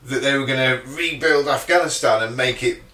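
Halting, argumentative man on a podcast. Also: mid-range voice, bright, forceful tone, reverberant, far from the mic. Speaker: podcast co-host. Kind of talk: casual podcast chat.

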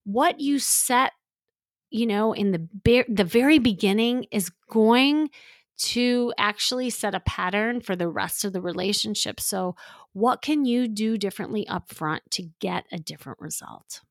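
A woman's voice: medium pitch, a little slow, no echo. Woman podcast host giving dating advice, chatty coach vibe, lots of "you know", dry close mic.

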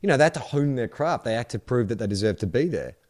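A man co-hosting a sports podcast talks in a chatty, animated way. His pitch leaps around with a lot of expression. He is easy to amuse and laughs often. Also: fast. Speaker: podcast co-host. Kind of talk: casual sports chat.

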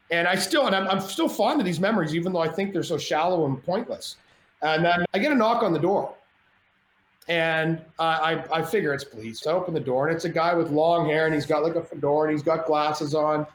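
A man telling a wild party story as a podcast guest, animated and profane, often restarting his sentences, at home. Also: a little high. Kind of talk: casual storytelling. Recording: echoey room with faint background noise.

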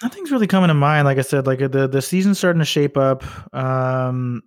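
Young male podcast co-host, quick casual talker, dry close sound. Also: mid-range voice, expressive, no echo. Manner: fast, loose, swears casually. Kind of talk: casual sports chat.

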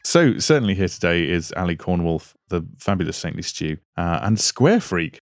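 A man's voice: low-pitched, very animated, normal speed, dry recording, clean studio sound. A man co-hosting a casual podcast over an online voice call. He jokes and laughs often. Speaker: podcast co-host.

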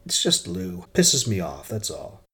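Man voicing a grumbly young reporter, low and clipped. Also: huge pitch swings, unhurried, sharp tone, full character voice. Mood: curt. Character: young male reporter, annoyed and curt.

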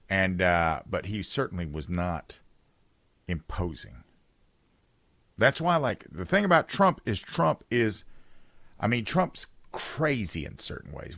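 A man's voice: sits low, a bit bright, no room sound. A man hosting a political talk radio show, giving opinions in a conversational way and reading listener texts aloud.

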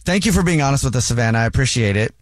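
A man's voice: mid-range voice, expressive, racing, a little hiss or hum. A man hosting a radio show phone segment, friendly and laughing easily. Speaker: radio host.

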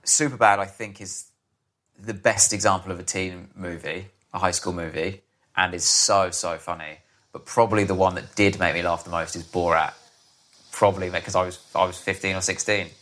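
A man's voice: deep voice, fairly even intonation, normal speed, a bit bright. A young man, a podcast guest, chatting casually about films in a rambling way, often restarting and laughing. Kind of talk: casual chat.

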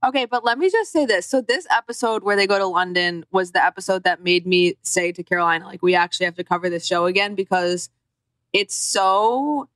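A woman's voice: medium pitch, fairly quick, fairly bright tone, no room sound. A young woman co-hosting a podcast in casual chat, sarcastic and rambling, with a lot of "like". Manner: sarcastic, rambling, heavy use of "like". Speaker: podcast co-host.

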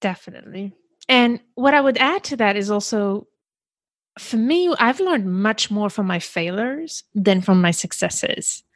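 A woman's voice: medium pitch, animated, unhurried, no echo. A woman hosting an interview, asking thoughtful questions and affirming her guest. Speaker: host.

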